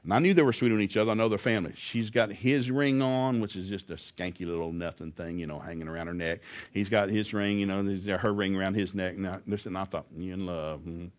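A man who preaches by telling stories and acting out the quoted lines loudly. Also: deep voice, fast talker. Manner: animated, acts out quotes loudly. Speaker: preacher and former school teacher. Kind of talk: storytelling sermon.

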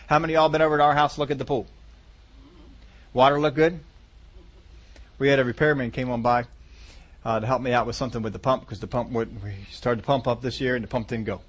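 A man's voice: mid-range voice, a bit bright. A male pastor preaching a sermon in a conversational, folksy way, often asking his congregation questions.

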